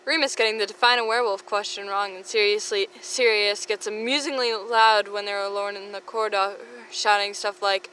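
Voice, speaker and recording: A woman reads fan comics aloud in a bright, crisp voice. She rushes through long run-on sentences until she is breathless, with faint noise in the background. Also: mid-range voice, fairly even intonation, low-quality recording. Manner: breathless, rapid run-on reading. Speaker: fan comic dub reader.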